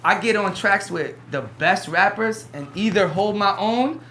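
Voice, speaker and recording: Boastful rapper man, bright voice. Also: high voice, unhurried, a little hiss or hum. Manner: boastful, emphatic, repeats himself. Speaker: rapper guest. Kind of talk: casual podcast chat.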